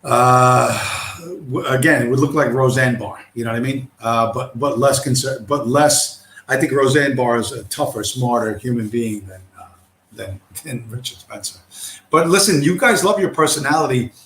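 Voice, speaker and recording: A man streams alone, ranting in a middle-pitched voice that circles back through restarts and asides. He swears constantly and keeps asking "you know" as he goes. The room gives his voice a noticeable echo. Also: steady tone, normal speed, a bit bright, slight background noise. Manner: profane, rambling, repeats "you know what I mean". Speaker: livestream host. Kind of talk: rambling livestream rant. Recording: roomy echo.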